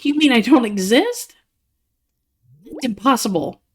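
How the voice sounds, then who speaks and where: Flustered, panicky chat-game character read by a woman, animated pitch, quick to protest. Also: slightly rough. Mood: panicked.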